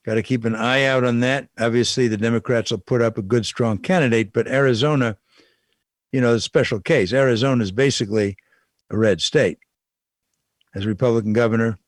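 A man's voice: medium pitch, a little fast, long pauses, no room sound. An older man giving a casual, wry political commentary monologue, repeating his points and chuckling at the absurd bits. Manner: wry, repetitive, chuckling asides.

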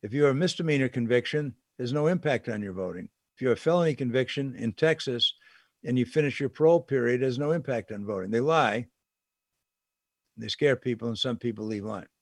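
A man's voice: medium pitch, brisk, no room sound. Indignant man with dry, close sound. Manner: indignant and emphatic, with sarcastic asides. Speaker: political commentator. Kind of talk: conversational political commentary.

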